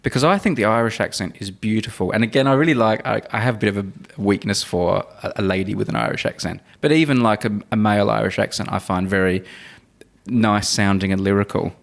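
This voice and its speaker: A man's voice: on the low side, quick pace, vocal fry. A man from Adelaide with an Australian accent tinged with English inflections, co-hosting a podcast in thoughtful, casual chat. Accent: Australian with a slight English lilt. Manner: thoughtful, musing, laughs easily. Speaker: podcast co-host.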